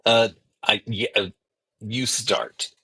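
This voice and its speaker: A man's voice: fairly low pitch, takes it slowly, gravelly, pushed and bright, husky, no echo, rough recording. A man co-hosting a podcast, chatting casually in a playful, rambling way. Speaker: podcast co-host. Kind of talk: casual chat.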